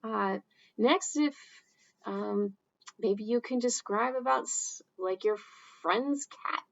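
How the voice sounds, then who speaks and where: Brief: woman, unhurried sign language teacher, gravelly fry, lo-fi recording. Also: on the high side. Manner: slow, relaxed, with many fillers and acted example phrases. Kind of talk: casual instructional talk.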